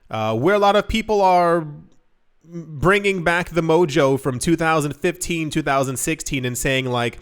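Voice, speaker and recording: A young man with a fairly high, clear, resonant voice that's a bit bright hosts a crypto news show. His casual commentary is loose and rambling, full of asides and self-corrections.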